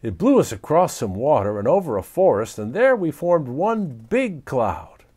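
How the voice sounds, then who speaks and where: A man reading a children's storybook aloud in an animated, expressive way. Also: on the high side, moderate pace, slightly rough. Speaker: storybook reader.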